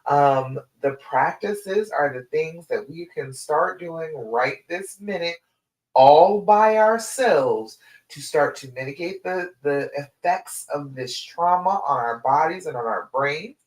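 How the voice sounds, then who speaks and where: A woman's voice: low-pitched, expressive, slow. A woman relationship coach giving a direct, emphatic live stream talk to her listeners. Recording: echoey room.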